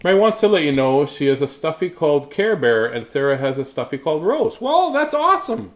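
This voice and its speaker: A man's voice: a little high, expressive, fairly quick, a little mellow. A man hosting a live bedtime story reading, chatting and joking in a playful, easygoing way. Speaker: children's story reader and host. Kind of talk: casual live chat before a bedtime story.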